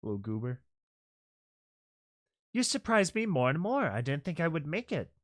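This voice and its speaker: A narrator reads a slideshow story aloud and reacts as he goes, getting excited, yelling in disbelief, and swearing mildly. The voice is medium in pitch at a normal speed.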